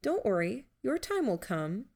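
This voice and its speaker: A woman voicing a calm, wry teenage girl in a storybook reading. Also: a little high, a little slow, creaky, voice pushed up, exaggerated voice.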